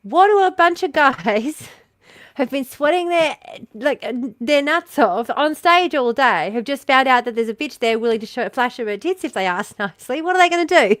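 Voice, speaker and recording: A woman's voice: high-pitched, normal speed, no room sound. An Australian woman chatting casually as a podcast host, telling stories with lots of swearing and laughter. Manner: animated storytelling, swears often, laughs a lot. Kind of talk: casual chat.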